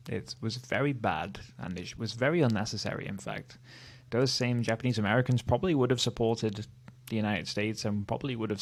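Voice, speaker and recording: A Welsh man from Wales giving casual, opinionated commentary as the host of a history channel, thinking aloud as he goes. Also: medium pitch. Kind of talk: casual tier-list commentary.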